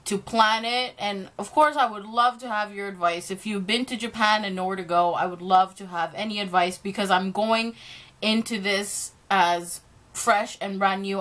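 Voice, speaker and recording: A woman's voice: medium pitch, bright, forceful tone. A young woman answering fan questions in a casual vlog, chatty and self-deprecating, often breaking into laughter.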